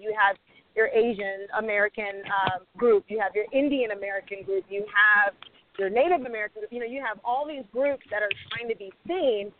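A woman's voice: a little high, a little hiss or hum. A woman screenwriter talking emphatically on a panel, acting out snatches of dialogue as she makes her points. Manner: emphatic, acts out quoted dialogue. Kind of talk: animated panel discussion. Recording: tinny phone-like audio.

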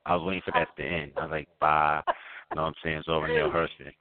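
A man's voice: a bass voice, little pitch movement, very fast, no room sound. A middle-aged man co-hosting a casual podcast, speaking loosely in with slang and profanity. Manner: loose, profane, talks in slang with many fillers. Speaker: podcast co-host. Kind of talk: casual chat. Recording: dry, phone-like lo-fi sound.

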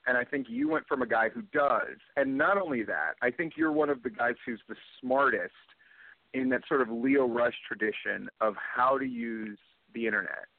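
A man's voice: mid-range voice, no room sound. Talkative middle-aged male host on a tinny line. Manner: talkative, opinionated, rambling. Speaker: podcast host. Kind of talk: casual podcast chat.

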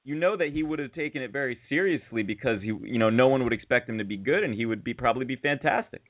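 Joking man with an animated voice. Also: medium pitch, quick pace, no room sound. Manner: joking, teasing. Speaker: radio show host. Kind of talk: casual chat. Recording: tinny phone-like sound.

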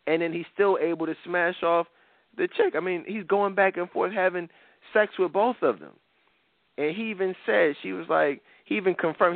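A man talks as a show host in a loose, opinionated way, stumbling over repeated words as he goes. His voice sits a bit high for a man. The sound is thin and phone-like, with no room echo. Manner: blunt, rambling, repeats words, laughs often. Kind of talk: opinionated casual commentary. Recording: tinny phone-like audio.

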